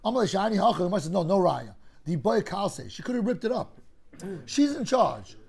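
A man teaching a Talmud class, explaining cases through lively hypothetical scenarios and often clearing his throat. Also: high voice, a little fast.

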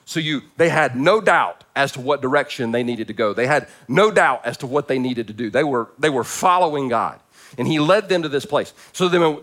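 Joking pastor with a slightly high voice. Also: male voice. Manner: conversational and joking, with sudden swings from loud to hushed. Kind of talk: sermon. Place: church, preaching to a congregation.

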